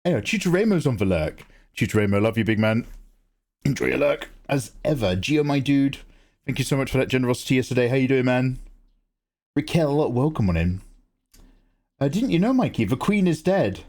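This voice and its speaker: A man's voice: mid-range voice, lively intonation, a little fast, darkish tone. A young man hosting a live drawing stream, casually greeting viewers and joking in mock-grand asides. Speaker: livestream artist host. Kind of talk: casual chat reading viewer messages.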